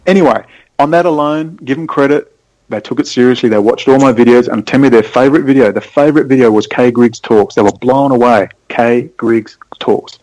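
A man, a podcast guest, telling rambling, excitable stories in casual conversation. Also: mid-range voice, a little fast, dry recording, rough recording. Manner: rambling, excitable storytelling with sudden animated spikes.

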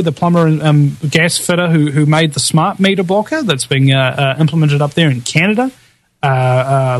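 A man hosting a podcast, casually running through past guests in a rambling way, with lots of fillers and chuckling asides. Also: a little high. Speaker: podcast host.

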